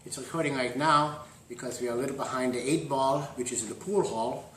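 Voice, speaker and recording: A man hosts a goofy home cooking show, dropping deadpan puns and dad jokes between rambling steps. He speaks at an ordinary middle pitch. The sound is echoey and full of clattering pots and cutlery. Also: a little fast, slight background noise. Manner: deadpan punning, dad jokes, trailing asides. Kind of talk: rambling mock cooking demonstration. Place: home kitchen.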